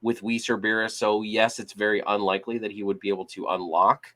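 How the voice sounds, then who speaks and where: A man's voice: lowish voice, little pitch movement, brisk, pushed and bright. A man co-hosting a casual discussion podcast, talking in a rambling way with many restarts and fillers. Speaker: podcast co-host. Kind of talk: casual chat.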